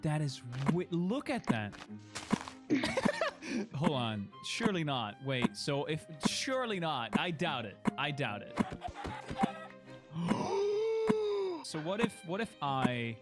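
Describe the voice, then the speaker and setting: A man giving excitable gameplay commentary, exclaiming and laughing often. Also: on the high side, slow pace, long pauses. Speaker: gaming video creator. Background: background music.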